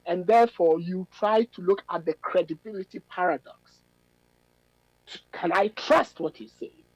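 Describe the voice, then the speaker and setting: A middle-aged academic man, giving measured, analytical radio interview answers with emphatic stresses. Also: high voice, no echo, low-quality recording. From Ghana. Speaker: policy fellow and academic guest.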